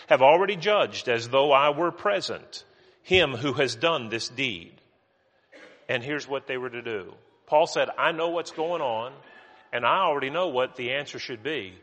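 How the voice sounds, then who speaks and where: A preacher from West Virginia, with a mid-range and fairly bright voice, teaches a Bible study sermon conversationally, often restarting and going off on asides. The recording has a long hall reverb.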